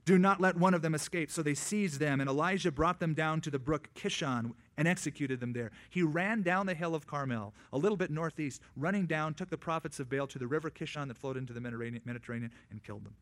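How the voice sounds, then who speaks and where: Storytelling preacher, loud then hushed. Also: male voice, on the high side, fast talker, hardly any pauses. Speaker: pastor. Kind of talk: sermon.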